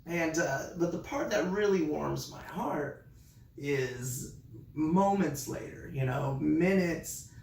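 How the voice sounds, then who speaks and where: A man who teaches online, telling a story in a casual vlog with animated delivery. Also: on the high side, slow pace, vocal fry, echoey room, recorded from a distance, slight background noise. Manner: animated, acts out his classroom voice.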